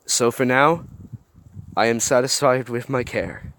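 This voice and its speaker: A man reading a calm, kind young man. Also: mid-range voice, measured pace. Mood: content. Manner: steady, content. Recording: clear background noise.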